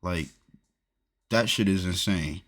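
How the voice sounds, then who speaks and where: A man's voice: low-pitched, slow pace, a bit bright. A man from New Jersey in casual chat, telling a loose, profane story with lots of slang.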